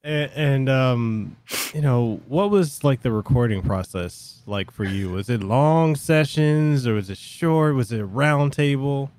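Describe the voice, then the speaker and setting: A man's voice: mid-range voice, expressive, measured pace, darkish tone. A man hosting a podcast, chatting casually and asking his guest questions. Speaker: podcast host. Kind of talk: casual interview.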